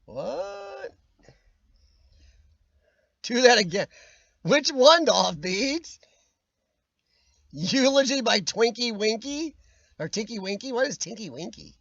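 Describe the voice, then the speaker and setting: A man's voice: extremely high pitch, animated, unhurried, long pauses, a bit bright, dry recording, dull audio. Nasal, cracking-voiced man chatting on stream. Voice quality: nasal, worn voice that sometimes cracks. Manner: rambling, jokey, laughs often. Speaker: livestream host. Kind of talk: casual chat. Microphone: webcam.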